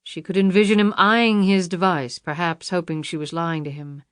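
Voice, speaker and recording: A woman reading a suspense novel audiobook in a measured, dramatic narration. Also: fairly low pitch, steady tone, no echo, studio quality. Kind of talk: scripted thriller narration.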